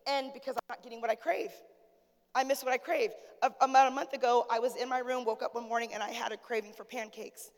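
A woman's voice: a little high, fairly even intonation, quick pace. A woman pastor preaching a sermon in a conversational, humorous way, calling out to the congregation. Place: church sanctuary. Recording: long church reverb.

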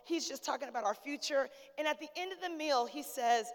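High-voiced woman pastor preaching. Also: brisk, hardly any pauses. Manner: lively, conversational preaching with church call-outs. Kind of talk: sermon. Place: church sanctuary. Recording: church hall with long reverb.

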